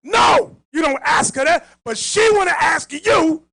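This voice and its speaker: Loud, high-pitched street preacher. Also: male voice, expressive, a little slow, gravelly. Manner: loud, emphatic, mocking, often shouting. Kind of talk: open-air sermon with Bible reading. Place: outdoors on a public green.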